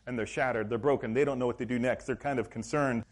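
A male pastor preaching a sermon in a church, telling the story in a lively, acted-out way. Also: medium pitch, fast talker. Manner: animated storytelling, acts out scenes.

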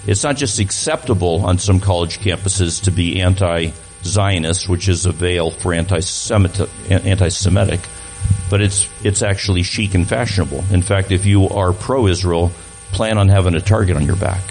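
A man's voice: sits low, normal speed, a little mellow, soft background music, low-quality recording. A man speaking as a guest at a church, talking to the congregation in a conversational way and often restarting his sentences. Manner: conversational, repeats words while restarting.

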